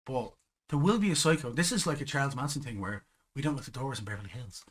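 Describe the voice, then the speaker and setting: A young man talking at a quick clip in a relaxed podcast conversation. He tells anecdotes in a lively way and plays out the lines of the people in them. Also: medium pitch, breathy edge. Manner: animated storyteller who acts out quoted exchanges. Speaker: podcast host. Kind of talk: casual chat.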